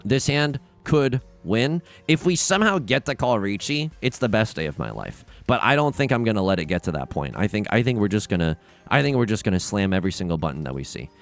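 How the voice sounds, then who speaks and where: A young man talks through his own game with lively, jumpy pitch, dropping to low mutters and jumping up to loud outbursts. His tone is wry and self-mocking. Faint music plays under his voice. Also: brisk. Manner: excitable, swings from muttering to shouting. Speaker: let's play host. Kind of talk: gameplay commentary.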